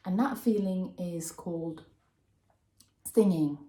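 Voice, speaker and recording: A young woman, an English teacher with a lowish, mellow voice, teaches a vocabulary lesson at a slightly slow pace. She explains patiently and checks in with "okay?" The room gives a roomy echo.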